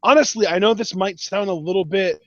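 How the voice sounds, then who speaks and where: A man co-hosts a casual wrestling review podcast, offering emphatic, opinionated takes and often restarting his sentences. His voice sits high and a bit bright, a little fast, on dull, dry lo-fi audio.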